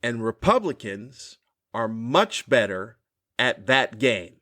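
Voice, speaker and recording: A man's voice: medium pitch, very animated, takes it slowly, bright, forceful tone. Cranky ranting male comedian. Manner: cranky, exasperated, profane; mocking repetition of questions. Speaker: comedian and podcast host.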